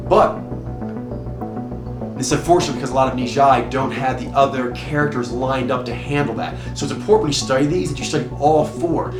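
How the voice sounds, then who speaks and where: Man with a higher voice, rambling explainer. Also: roomy sound. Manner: rambling, with restarts and quick asides. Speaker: teacher of a personality system. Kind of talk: casual explanatory talk.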